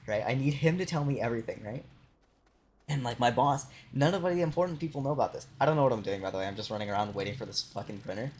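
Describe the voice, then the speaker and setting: A woman's voice: a bass voice, expressive, quick pace, a little mellow, slight background noise. A young woman streamer chatting casually while gaming, telling a rambling work story full of swearing and laughter.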